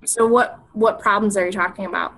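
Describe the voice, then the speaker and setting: A woman's voice: mid-range voice, fairly even intonation, a little fast, a bit bright, rough recording. A young woman coach talking casually and emotionally, rambling and repeating herself. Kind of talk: casual motivational talk.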